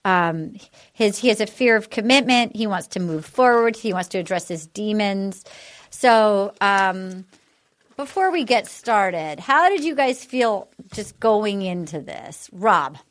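A woman's voice: mid-range voice, expressive, measured pace. A woman hosting a casual podcast, retelling a scene in a rambling way with many fillers. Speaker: podcast host. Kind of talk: casual recap chat.

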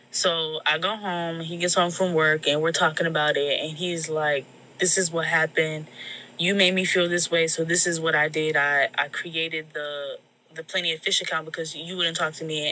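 A woman's voice: on the low side, bright, forceful tone, slight background noise, poor audio. A young woman telling a casual storytime vent about her boyfriend, blunt and swearing, acting out the people she quotes. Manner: blunt, swearing, exasperated retelling with quoted voices.

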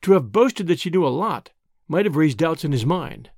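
A male narrator reads a story aloud in a lively, expressive way. His voice sits a little on the high side and moves freely up and down. The recording is dry, with no room echo. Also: normal speed. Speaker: audiobook narrator. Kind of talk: scripted narration.

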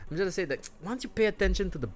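A man's voice: sits high, lively intonation, racing. A man co-hosting a podcast, chatting casually about a film in a rambling, profane way. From outside Europe. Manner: rambling, profane, laughs often. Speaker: podcast co-host. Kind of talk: casual movie review chat.

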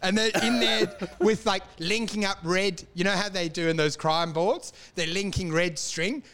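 A man's voice: sits high, fairly even intonation, moderate pace, fairly bright tone. An Australian man in casual comedic banter, riffing and laughing as he acts out absurd scenarios.

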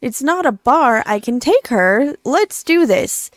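Woman on a podcast telling a story, kinda high voice, chatty and quick, dry mic. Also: big pitch swings, no room sound. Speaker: podcast co-host. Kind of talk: casual storytelling chat.

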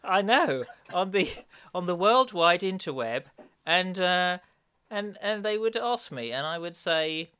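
Bright-voiced man with dry self-mocking humour. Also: high voice, expressive, measured pace, smooth. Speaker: podcast co-host and speaker. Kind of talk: bantering podcast chat.

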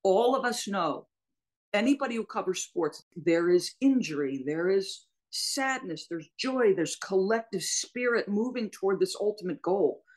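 A woman's voice: medium pitch, lively intonation, measured pace, low-quality recording. Emotional woman sportscaster recalling stories. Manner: emotional, storytelling. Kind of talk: panel discussion.

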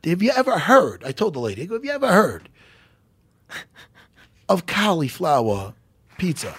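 A man on a casual podcast, telling loud, jokey stories with a lot of swing in his voice. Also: high-pitched, normal speed, pauses often, breathy edge, no room sound. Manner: animated, loud, jokey storyteller. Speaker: MMA coach and podcast guest. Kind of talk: casual chat.

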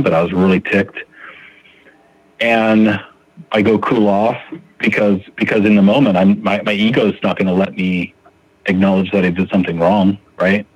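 Deep-voiced man in earnest recovery talk. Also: no echo, muffled recording. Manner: earnest, thinks aloud with many restarts. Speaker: podcast guest sharing recovery. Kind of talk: reflective recovery podcast talk.

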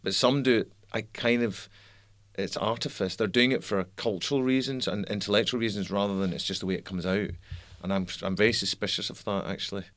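A musician in an interview, talking candidly, with frequent restarts and the odd swear word. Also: male voice, fairly low pitch, fairly even intonation, fairly quick, fairly bright tone, dry recording. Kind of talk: reflective interview talk.

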